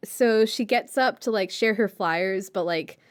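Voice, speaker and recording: A woman's voice: mid-range voice, a little slow, clear, resonant tone. A woman co-hosting a podcast, giving a chatty, filler-heavy recap with frequent giggles. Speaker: podcast co-host. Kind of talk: casual anime recap.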